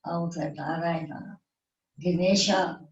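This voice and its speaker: A woman in her nineties from South Africa with a South African Indian English accent, telling her life story in halting, broken English while grieving. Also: lowish voice, steady tone, far from the mic. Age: 90s. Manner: slow, halting broken English with short phrases. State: grieving, emotional. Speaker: interview guest. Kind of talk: tearful life-story recollection. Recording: echoey dull live-stream audio.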